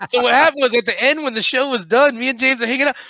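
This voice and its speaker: A man's voice: extremely high pitch, rapid-fire, sharp tone, no room sound. A man, a comedian guest, chatting casually on radio and acting out voices as he tells stories. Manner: storyteller who acts out voices.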